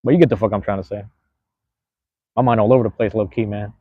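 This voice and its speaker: A young man hosting a live stream, a podcaster from the US West Coast, rambles in a relaxed monologue full of street slang and frequent cursing. His husky, low-leaning voice keeps fairly even intonation at a quick pace. The audio is narrow and tinny, with no echo.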